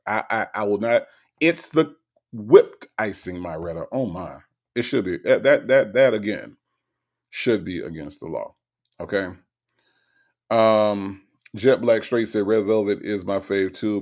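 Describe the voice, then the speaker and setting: A man hosting a relaxed livestream, reading chat messages aloud and answering each one. His voice sits a little low but leaps high for emphasis, then drops back down into easy, casual talk.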